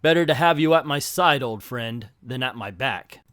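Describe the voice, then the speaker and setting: A man voicing a ruthless, scarred male prince from a comic, speaking in a low, cold, formal way. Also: expressive, normal speed, a bit bright, no echo, studio quality, lightly acted.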